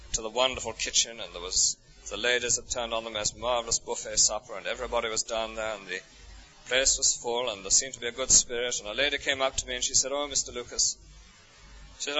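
A man with an English accent preaching a sermon, full of rhetorical questions, his voice soaring high and then dropping to a hush. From England. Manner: expressive, rhetorical questions, swings from soaring to hushed. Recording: dull lo-fi recording.

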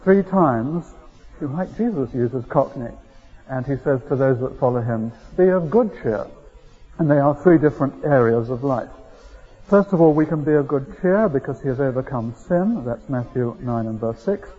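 A middle-aged man preaches a sermon like he's telling a story, conversational but building with rising emphasis. His husky, mid-range voice is animated and moves at a moderate pace, captured on a dull lo-fi recording.

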